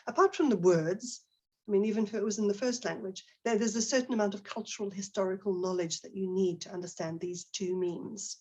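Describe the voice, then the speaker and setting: Husky-voiced woman presenting to teachers. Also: mid-range voice. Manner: conversational, with many fillers and restarts, asks the audience questions. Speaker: teacher trainer giving a webinar talk.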